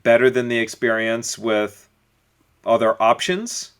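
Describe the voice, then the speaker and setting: A man, a business coach as guest, explaining points through acted-out everyday stories in a relaxed interview. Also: mid-range voice, a little slow, clear, resonant tone. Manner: storytelling, acts out little dialogues. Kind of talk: conversational podcast interview.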